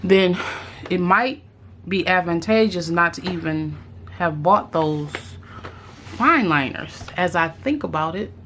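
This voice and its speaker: Low-voiced woman musing slowly. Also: slight background noise. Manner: musing aloud, with fillers and restarts. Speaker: craft vlogger. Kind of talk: casual unboxing chat.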